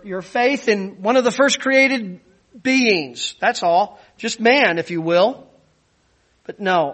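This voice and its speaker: A man's voice: high-pitched, fairly bright tone. A man preaching a sermon, earnest and emphatic, teaching with asides to the congregation. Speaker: pastor.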